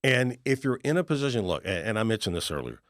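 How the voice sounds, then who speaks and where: A middle-aged real estate investor tells folksy stories in a podcast interview, speaking fast in a mid-range voice. He's an animated storyteller who acts out the people and their dialogue. The recording is dry and studio quality.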